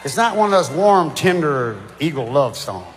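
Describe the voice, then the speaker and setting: An older man, a touring singer chatting between songs in a halting, rambling way with lots of fillers. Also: a little high, sing-song. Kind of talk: onstage banter between songs. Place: concert stage. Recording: live hall reverb with band music.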